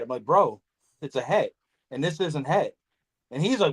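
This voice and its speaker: A man hosting a casual podcast chat, telling animated stories, swearing freely and acting out conversations. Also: fairly high pitch, a little fast, slightly rough. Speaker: podcast host, snake breeder.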